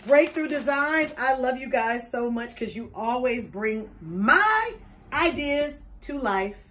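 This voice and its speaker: High-pitched, animated, and fairly bright, her voice carries a casual gift-opening video. She keeps up a stream of playful, exuberant talk and laughs readily.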